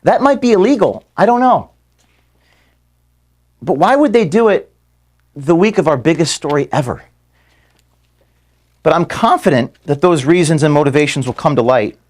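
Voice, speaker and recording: A man fighting back tears delivers a faltering farewell to his employees from an office, stumbling over repeated words and apologizing for being emotional. He speaks at a fairly high pitch, animated and slightly mellow.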